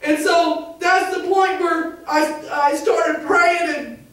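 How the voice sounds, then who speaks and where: Very high-voiced Southern Illinois woman testifying. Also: fairly even intonation, recorded from a distance. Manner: earnest, halting with many restarts, rising into fervent cries. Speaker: church member giving testimony. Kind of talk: emotional church testimony. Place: church sanctuary. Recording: very echoey church, recorded from afar.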